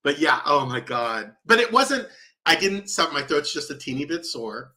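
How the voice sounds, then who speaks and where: This is a man with a bright, forceful voice that sits a little high for a man. He co-hosts a relaxed chat show and tells his stories in an animated way, often breaking into laughter. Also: normal speed. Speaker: co-host. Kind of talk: casual chat.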